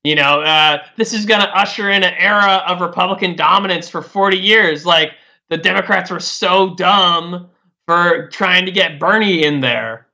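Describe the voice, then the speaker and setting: Speaking at normal speed in a high-pitched voice, a man chats about politics with a bright, forceful tone. He wanders loosely through his points, saying "like" and "uh" a lot and frequently restarting sentences.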